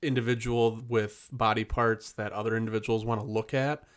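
A man's voice: fairly low pitch, flat delivery, moderate pace, a little hiss or hum. A man from Wisconsin hosting a podcast in casual chat, joking around and swearing freely. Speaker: podcast host.

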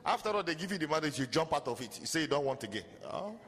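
A man preaching a sermon as pastor, animated and storytelling with mocking asides. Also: on the high side, fast. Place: church hall. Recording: long hall reverb with faint music.

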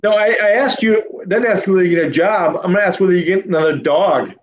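A man's voice: high voice, fast talker, muffled recording. A man hosting a podcast interview, talking in a casual, rambling way with many fillers and restarts. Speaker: podcast host.

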